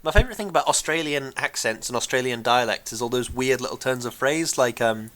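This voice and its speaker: A man's voice: medium pitch, fairly quick, pushed and bright. A British man co-hosting a podcast, chatting casually with a dry, wry humour and frequent ums. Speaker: podcast co-host. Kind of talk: casual chat.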